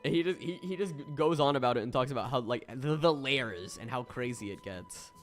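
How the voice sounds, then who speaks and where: A man's voice: mid-range voice, brisk, faint music behind. A young man from Florida, chatting casually on a stream, swearing a lot and laughing often. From Florida, USA.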